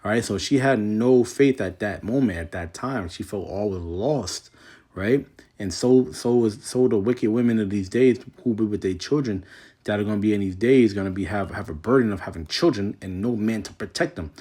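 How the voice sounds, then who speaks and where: A man teaching from the Bible, reading scripture slowly and then explaining it in loose, casual slang. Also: on the low side, a little mellow, husky. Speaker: preacher.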